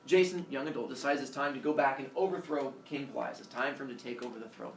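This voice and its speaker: A male teacher playfully retells a myth to his class, cracking jokes and acting out the characters in a fast, creaky, medium-pitched voice. He's captured from far off in an echoey classroom with slight background noise.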